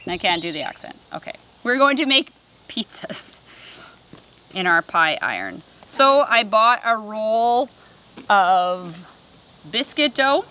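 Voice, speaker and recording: A woman's voice: medium pitch, very animated, takes it slowly, sharp tone. A woman hosting a family vlog, chatting casually as she cooks treats over a campfire outdoors. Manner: chatty, explains steps while cooking. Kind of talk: casual cooking demonstration.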